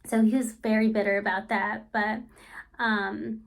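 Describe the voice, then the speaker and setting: A woman's voice: mid-range voice, level tone, a little slow, creaky. A woman vlogger speaking in a casual, frank, rambling way, full of fillers like "um" and "you know.". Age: adult. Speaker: language-learning vlogger. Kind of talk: casual chatty review.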